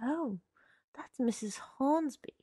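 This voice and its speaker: A woman's voice: high-pitched, expressive, takes it slowly, breathy edge, dry recording, studio quality, pitched above the performer's own voice, full character voice. A woman reading as a frightened, defiant teenage girl. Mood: scared, defiant. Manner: sharp retorts.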